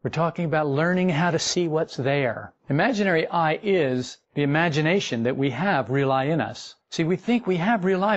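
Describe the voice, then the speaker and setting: A man in the middle of his natural pitch range gives a spiritual lecture in a folksy, wry way, slipping into playful asides. The recording sounds a little dull and lo-fi. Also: lively intonation, a little fast. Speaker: esoteric teacher. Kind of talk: spoken lecture.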